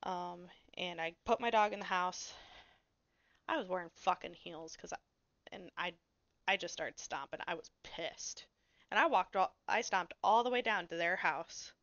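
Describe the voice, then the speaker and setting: Co-hosting a podcast, a woman tells a story in casual chat, animated, blunt and swearing freely. Her voice sits on the low side, and the audio is lo-fi with no echo.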